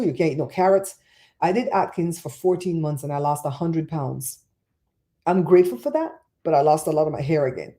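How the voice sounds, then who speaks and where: A middle-aged woman hosting a casual livestream from home, chatting and telling stories in an animated way. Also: sits low. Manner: chatty, animated storyteller reading chat. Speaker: livestream host.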